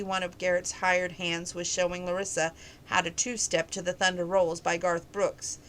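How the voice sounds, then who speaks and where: Woman reader, casual novel read-aloud, bright tone, trips and corrects herself. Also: on the low side, a little hiss or hum, low-quality recording. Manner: casual reading with slips and self-corrections.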